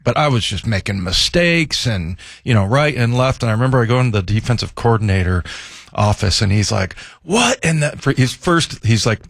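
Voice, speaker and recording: A male sports radio co-host chatting and telling stories with lively asides. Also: medium pitch, a little fast, creaky, no echo, studio quality. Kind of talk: sports talk radio chat.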